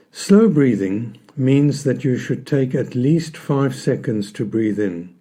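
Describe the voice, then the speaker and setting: Warm, measured male health educator. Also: on the low side. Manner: measured, emphatic, instructional. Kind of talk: scripted educational talk.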